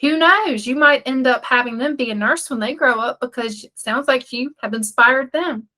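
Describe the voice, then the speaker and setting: A woman's voice: high voice, normal speed, bright, forceful tone. A woman hosting an interview, encouraging her guest and summing up what she said. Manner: encouraging, reflective summarizing. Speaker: interview host. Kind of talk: conversational interview.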